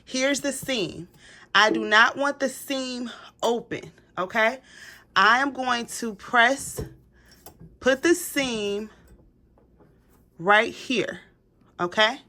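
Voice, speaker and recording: A woman hosting a crafting vlog, chatting to her viewers as she demonstrates a product, excitable and gushing. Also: fairly high pitch, takes it slowly, long pauses. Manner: chatty, addresses viewers as y'all. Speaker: crafting channel host. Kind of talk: casual product demo vlog.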